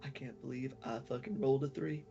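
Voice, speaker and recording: A man's voice: mid-range voice, fairly even intonation, fast talker, vocal fry, mellow, dull audio, soft background music. A man playing a tabletop game who talks brashly and swears a lot. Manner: brash and profane. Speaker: player.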